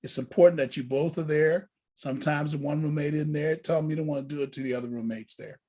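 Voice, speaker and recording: Husky animated deacon teaching students. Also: male voice, a little high, fast. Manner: animated, preacher-like exhortation. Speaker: deacon and college prep instructor. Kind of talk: motivational lesson to students.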